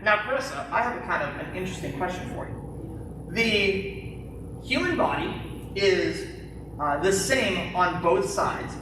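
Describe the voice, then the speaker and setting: A martial arts instructor teaching a live-streamed kids' class in a studio, calling out sharp commands and joking between drills. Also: mid-range voice, lively intonation, measured pace, pauses often, distant mic, noisy background. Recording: very echoey studio heard from afar.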